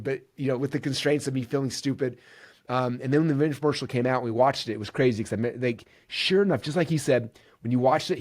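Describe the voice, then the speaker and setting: Man, podcast host, quick delivery, casual storytelling, enthusiastic, lots of fillers. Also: mid-range voice. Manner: energetic, enthusiastic, many fillers like "like" and "right".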